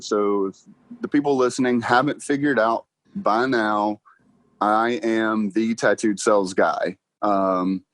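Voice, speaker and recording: A man's voice: mid-range voice, dry recording. A young man, telling stories in a casual interview, acting out dialogue and laughing often. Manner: animated storyteller, acts out dialogue, laughs often. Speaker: podcast guest, car salesman.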